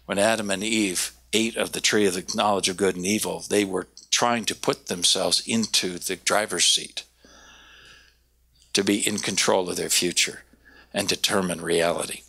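A man preaching a sermon, animated, slowing down to stress key words and raising his voice when he quotes. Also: vocal fry. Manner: animated, quoting with raised pitch, slowing for emphasis. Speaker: pastor.

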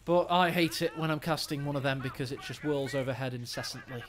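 A man casting a live strategy game with quick, jokey play-by-play and sudden excited rises. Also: medium pitch. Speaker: game caster. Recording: game battle sounds under the voice.

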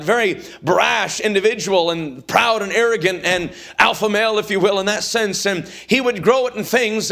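A man's voice: high voice, fairly bright tone. A man preaching a revival sermon in a church, with an emphatic, repetitive cadence. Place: church sanctuary.

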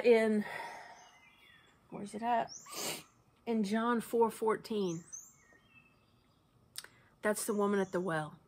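A woman's voice: medium pitch, husky. A woman who teaches banjo, talking earnestly about her faith, choked up and sometimes dropping to a near whisper. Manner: earnest, soft, drops to a near whisper at times. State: choked up, tearful. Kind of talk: heartfelt casual talk about faith.

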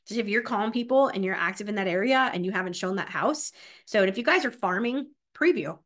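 A woman's voice: mid-range voice, animated, brisk, a bit bright. Upbeat woman coaching a sales class. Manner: upbeat and chatty, tags lines with "right?", reads sales scripts aloud. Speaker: real estate sales trainer. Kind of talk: live classroom training talk.

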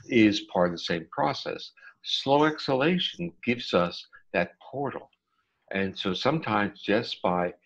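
An older man as an interview guest, explaining in a measured, lecturing way with long drawn-out phrases over a remote call. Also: sits low, vocal fry, slightly rough, highs cut off. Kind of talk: explanatory conversation.

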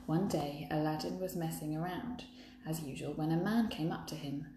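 A woman's voice: low voice, moderate pace, warm tone, a little hiss or hum. A woman reading a children's book aloud, breaking off for chatty asides to viewers. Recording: echoey room, faint ambience.

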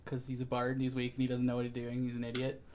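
A man's voice: mid-range voice, monotone, darkish tone. A man in casual podcast chat, rambling through a show's plot and briefly acting out the characters. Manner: rambling, acts out characters in quick put-on voices. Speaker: podcast co-host. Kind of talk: casual chat recapping a show.

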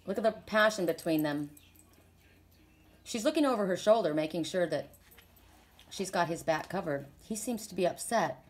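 A woman's voice: on the low side, animated, normal speed, pauses often. A woman with a sore throat giving a casual, rambling oracle card reading, stressing her points with many restarts.

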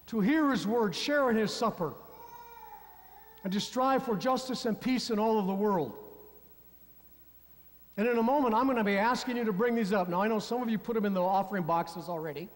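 A man preaching a sermon as a pastor, telling a story and speaking directly to his congregation. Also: high voice. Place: church sanctuary. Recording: long church reverb.

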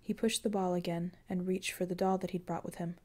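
A woman reading scripted fiction as an audiobook narrator, with calm, even storytelling. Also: lowish voice, fairly quick.

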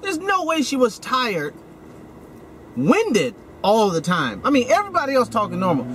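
A male comedian host bantering in a van, needling his guest with teasing, provocative jokes. His voice rises and falls in an animated way, and a faint hum of road noise sits behind him. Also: very high-pitched, normal speed. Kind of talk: casual comedic chat. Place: inside a van.

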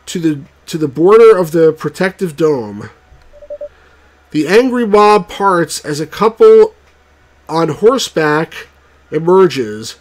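A game reviewer reading interactive fiction aloud for a let's play. His voice sits a bit high for a man, and he reads slowly, stumbling and going back over words as he goes. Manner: halting, stumbles and rereads words.

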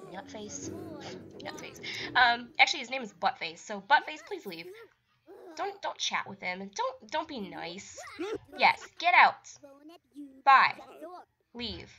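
A woman's voice: a little high, sharp tone. A young woman narrating her life-sim game and scolding the characters in casual commentary, often exasperated. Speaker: gaming YouTuber. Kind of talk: let's play commentary.

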